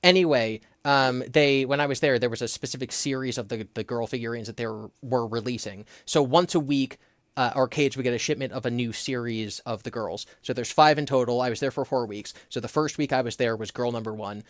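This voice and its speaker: A man hosting a casual livestream, telling a story with animated energy and quick put-on voices. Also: mid-range voice, no echo, studio quality. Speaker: host.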